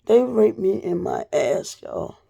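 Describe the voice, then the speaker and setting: A woman vlogger telling a personal story straight to the camera, blunt and profane, her voice dropping low and then rising loud. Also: very animated, slow, creaky, husky.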